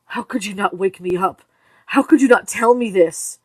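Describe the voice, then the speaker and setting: A woman's voice: medium pitch, moderate pace, a little mellow, no room sound, close to an everyday voice. A woman reading as a tense, furious mother. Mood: cold anger. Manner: clipped, intense, rising. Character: tense, grieving mother raising her voice.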